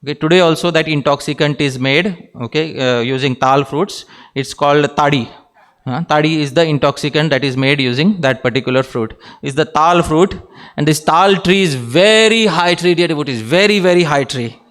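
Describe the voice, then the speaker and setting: Fairly high male lecturer quizzing his audience. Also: moderate pace, fairly bright tone. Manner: engages audience with questions, repeats "dear devotees"; laughs between points. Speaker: speaker giving a scripture class. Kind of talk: devotional class lecture.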